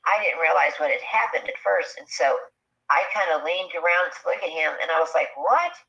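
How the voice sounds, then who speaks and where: A woman recounts a frightening night in a casual, animated storytelling style, slipping into the voices of the people in it. Her voice sits a little low yet comes across bright and forceful. The recording is dull and lo-fi, much like a phone line. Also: a little fast, gravelly. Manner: animated, acts out quoted speech. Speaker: guest telling an encounter story.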